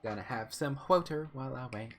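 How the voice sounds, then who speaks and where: A man's voice: medium pitch, lively intonation, brisk, faint music behind. A young man streaming a visual novel, chatty and jokey, reading the dialogue aloud.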